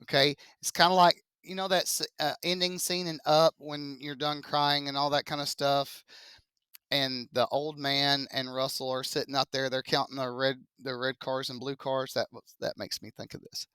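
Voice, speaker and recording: Math teacher, young adult, bright and punchy, dry close mic, quizzes class with playful asides. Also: mid-range voice, little pitch movement, normal speed, smooth, dry recording. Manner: chatty, joking asides, quizzing students. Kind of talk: classroom statistics lecture. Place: classroom with live students.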